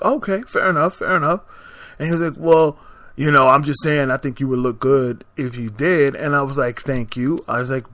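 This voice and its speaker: A man on a podcast tells a long personal story, slipping into quoted lines for himself and the other person. His voice is bright and forward, recorded close and dry with no room around it. He sounds worn out by the exchange he describes and animated in the telling. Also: medium pitch, dry recording. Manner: animated, exasperated, acts out both sides of the exchange. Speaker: podcast host. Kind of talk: storytelling anecdote.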